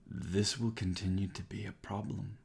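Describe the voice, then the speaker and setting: A man voicing an ancient motherly tree spirit who speaks in a deep, hushed, calm and measured way. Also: vocal fry.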